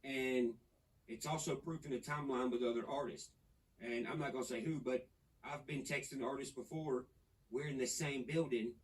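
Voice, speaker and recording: A man from Nashville, talking in a casual podcast chat, animated, profane and rambling. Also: mid-range voice, normal speed, distant mic, rough recording. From Nashville, Tennessee. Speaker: podcast guest.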